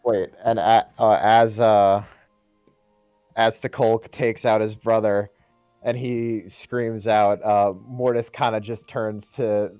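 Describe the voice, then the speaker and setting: Low-voiced male player, dry sound. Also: level tone, slow, a little mellow, clean tone, dry recording, faint music behind. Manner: easygoing, asks rule questions, narrates his character. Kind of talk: casual tabletop game play.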